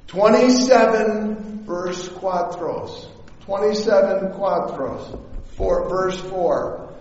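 A man's voice: high-pitched, very slow, darkish tone. A man preaching a storytelling sermon, chatty and often checking in with his listeners. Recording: echoey hall, dull lo-fi sound.

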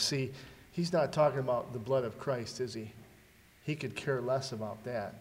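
A man's voice: medium pitch, normal speed. A man preaching a sermon, asking the congregation rhetorical questions and giving dramatic readings. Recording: long hall reverb.

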